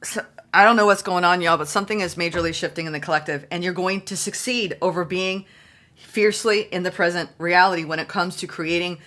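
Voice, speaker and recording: A woman giving a solo tarot reading, excitable and gushing, repeating phrases for emphasis. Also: on the low side, brisk. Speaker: tarot reader.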